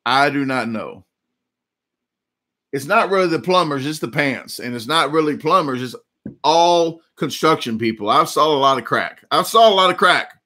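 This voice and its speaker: A man's voice: fairly high pitch, lively intonation, moderate pace, bright, forceful tone. A man in his forties with a Southern US accent, hosting a casual live chat and telling rambling, jokey stories. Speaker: livestream host.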